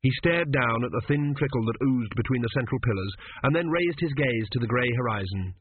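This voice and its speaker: A man's voice: mid-range voice, brisk, slight background noise. A man reading an audiobook in a dry, wry storytelling manner. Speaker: audiobook narrator. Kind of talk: scripted narration. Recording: dry tinny phone-like sound.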